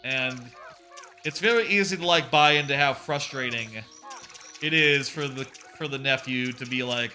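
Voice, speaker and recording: A man with a voice on the high side streams a video game at normal speed, rambling casually with plenty of fillers and swearing and sometimes acting out quotes with animation. Soft music plays in the background of his gameplay commentary.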